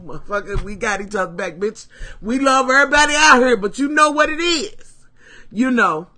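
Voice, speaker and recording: A woman telling a story to her live stream viewers, animated and full of profanity, calling them "y'all". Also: on the high side. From Kentucky, USA.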